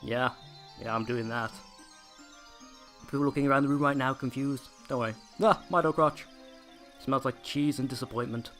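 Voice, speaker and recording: A man's voice: mid-range voice, normal speed, long pauses, a bit bright, soft background music. A man hosting a let's play, giving comedic game commentary with dry, sarcastic asides.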